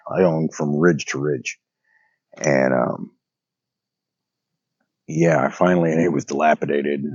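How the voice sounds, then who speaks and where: A man's voice: a bass voice, a little mellow, breathy edge, dry recording, lo-fi sound. A man with a cold, talking casually and rambling to a phone camera outdoors at night, full of fillers and restarts. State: has a cold, slightly hoarse. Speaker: vlogger reading the Bible. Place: outdoors at night on rural land. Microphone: phone propped on a log.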